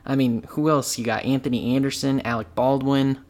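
Brief: male podcast host, mid-pitched voice, eager and opinionated, loose chat. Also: level tone, fairly quick, darkish tone. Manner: enthusiastic, opinionated, casual. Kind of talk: casual chat.

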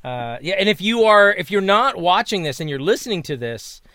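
A man co-hosting a casual chat, rambling with many restarts and dropping deadpan jokes over a video call. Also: high voice, brisk, no echo, studio quality. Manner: rambling, self-interrupting, playful deadpan jokes. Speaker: guest co-host.

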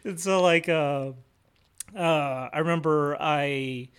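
A young man talks through a personal story as a podcast guest, rambling and self-deprecating, leaning on fillers. His voice sits a little high for a man. He sinks into a near hush when he retells the quiet moments. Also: slow pace, clear, resonant tone. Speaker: guest, police officer recounting his recovery. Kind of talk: casual storytelling in conversation.

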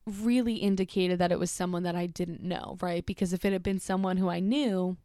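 A woman's voice: lowish voice, brisk, smooth, no echo, clean studio sound. Chatty young woman telling a story. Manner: chatty, heavy use of "like", animated retelling. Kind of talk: casual storytime.

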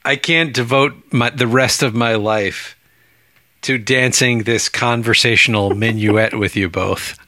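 A man's voice: medium pitch, fairly even intonation, unhurried, pushed and bright, dry recording. A man casually discussing a book on a podcast, rambling and chatty with frequent laughs. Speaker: book club podcast co-host.

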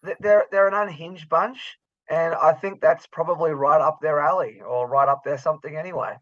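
A man's voice: a little high, steady tone, moderate pace, a bit bright, no room sound, muffled recording. An Australian man co-hosting a casual podcast over a remote call, joking with sarcastic exaggeration. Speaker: podcast co-host. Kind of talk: casual chat.

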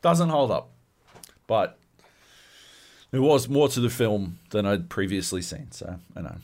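A man's voice: lowish voice, unhurried. A man co-hosting a casual podcast, ranting loosely and swearing a lot. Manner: profane, animated ranting. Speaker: podcast co-host.

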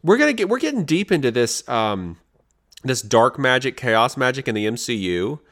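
A man co-hosting a podcast in casual chat, talking in an animated, excitable way with lots of restarts. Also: medium pitch, normal speed. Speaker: podcast co-host.

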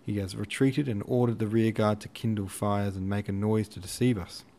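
A man's voice: lowish voice, steady tone, moderate pace, dark tone, close to an everyday voice. A man voicing a confident aristocratic prince who speaks in an assured, persuasive way.

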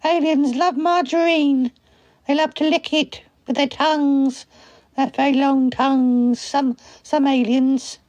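A woman's voice: high voice, steady tone, a little slow, darkish tone, dry recording. A woman doing a comedy improv sketch, rambling dottily about aliens. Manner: dotty, rambling comic chatter.

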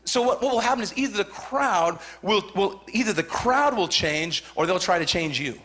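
Male pastor in his forties, Southern Californian accent, high bright voice, fervent sermon delivery with repeated lines. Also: expressive, normal speed, slight background noise. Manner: fervent, repetitive, rising to shouts.

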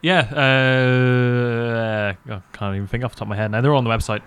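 Male guest from Wales, mid-pitched, easygoing, laughs a lot. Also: steady tone, moderate pace, fairly bright tone, clean tone, no room sound. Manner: laughs often, good-humoured. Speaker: podcast guest, film website reporter. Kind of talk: casual podcast chat.

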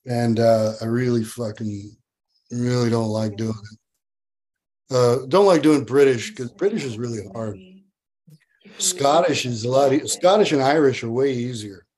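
A man in the guest seat talks in a relaxed podcast chat at a middling pitch. He tells his stories with animation and swears freely. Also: measured pace. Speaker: guest actor.

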